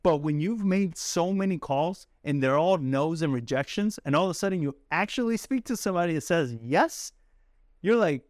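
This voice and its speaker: Man, sales coach, higher voice, casual and chatty, laughs a lot, dry close sound. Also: expressive, moderate pace, dry recording. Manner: casual, laughs often, acts out calls in a soft apologetic voice. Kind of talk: coaching talk to camera.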